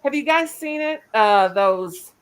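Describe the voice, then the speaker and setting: Woman host, casual stream chat, lively intonation, very talkative. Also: a little high, slow pace, smooth, rough recording. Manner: chatty, animated, laughs a lot. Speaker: livestream host.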